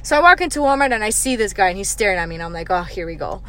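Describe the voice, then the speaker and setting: A young woman hosting her own podcast, telling a story as a casual rant in a blunt, profane and exasperated way, rushing ahead and then dropping into low muttered asides. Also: big pitch swings, bright, forceful tone. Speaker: podcast host.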